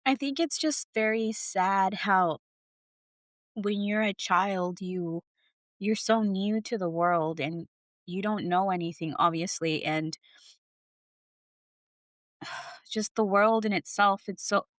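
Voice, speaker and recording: A woman co-hosting a podcast, speaking gently and thoughtfully, pausing often. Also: mid-range voice, no room sound, studio quality. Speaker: podcast co-host. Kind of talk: casual heartfelt conversation.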